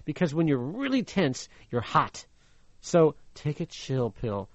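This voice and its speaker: A man's voice: a little high, very animated, measured pace, no room sound. A man voicing a young boy who tells his sister to relax, read aloud from a storybook, with a slightly muffled radio sound. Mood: soothing.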